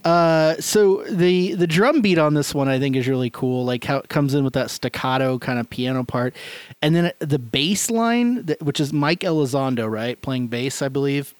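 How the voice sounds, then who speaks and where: A man's voice: mid-range voice, expressive, normal speed, smooth, dry recording. A man co-hosting a music podcast, sharing eager, rambling theories about songs. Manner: enthusiastic, rambling, laughs often. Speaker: podcast co-host. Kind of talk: casual chat about music.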